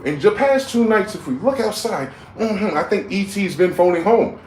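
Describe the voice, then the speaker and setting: A man in his forties hosting a livestream, ranting with heated outbursts that drop to low mutters. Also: lively intonation, moderate pace, hardly any pauses, a little mellow. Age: 40s. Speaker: livestream host. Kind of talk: profane rant. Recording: echoey room with faint background noise.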